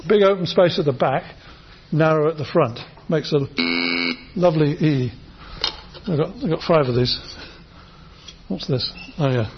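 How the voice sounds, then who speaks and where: A middle-aged university lecturer teaches a class with enthusiasm and chatter, often restarting sentences while running demonstrations. His voice is fairly high at normal speed. The lecture recording is dull and lo-fi, with a little hiss or hum.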